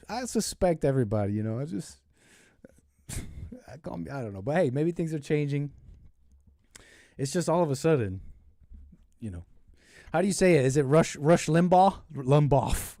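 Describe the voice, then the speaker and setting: A man's voice: fairly high pitch, sing-song, moderate pace, pauses often, warm tone, no echo, studio quality. A man hosting a casual political livestream, rambling and hesitant, often breaking off mid-sentence. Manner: rambling, hesitant, self-interrupting. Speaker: stream host.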